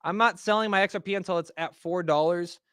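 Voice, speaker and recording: A man's voice: high voice, quick pace, fairly bright tone, clear, resonant tone, dry recording, studio quality. A man hosting a livestream, ranting casually and profanely to his chat in slangy talk. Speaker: host. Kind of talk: livestream market rant.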